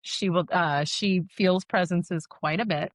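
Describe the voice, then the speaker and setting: Woman, 30s, funeral director guest; frank, quick, laughs easily; lower register, dry close sound. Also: no echo. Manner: candid, quick, laughs often. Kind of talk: casual interview conversation.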